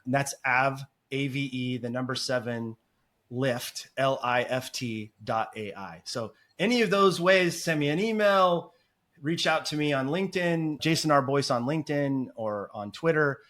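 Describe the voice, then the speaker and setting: A talkative man as a podcast guest, telling stories in animated, rambling interview chat. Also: medium pitch, a little slow. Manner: talkative and animated, apologizes for long answers. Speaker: podcast guest, agency founder.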